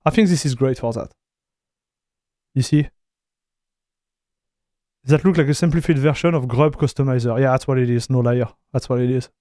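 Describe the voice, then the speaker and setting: A man talking loosely with his live chat as he reviews software, restarting lines and tossing in "dude" and "bro". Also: medium pitch, fairly even intonation, normal speed, long pauses, no room sound, clean studio sound. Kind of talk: casual live-stream chat.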